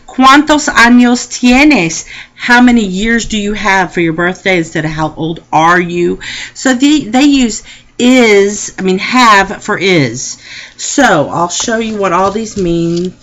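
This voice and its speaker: A woman Spanish teacher, explaining a lesson slowly and patiently and repeating each phrase. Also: mid-range voice, a bit bright, poor audio. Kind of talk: recorded classroom lesson.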